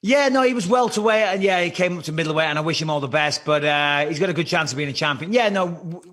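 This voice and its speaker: A man with a slightly high voice and a sharp tone talks fast as a podcast guest in casual conversation. Raised in England after being born on a British army base in Cyprus, the Liverpool-accented ex-fighter swears a lot and rambles through his stories.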